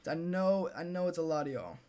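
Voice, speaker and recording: High-voiced young man giving a trading pep talk. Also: animated, fairly quick, a little mellow. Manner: repetitive, pep-talk, tags "right?" and "dude". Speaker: day trading coach. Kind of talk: casual motivational talk to viewers.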